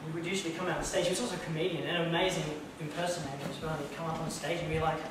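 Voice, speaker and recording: Racing through his words in a slightly high, fairly monotone voice, a man doing a live impressions show at a community hall chats between impressions and admits he's not prepared. The sound is distant, echoey and noisy.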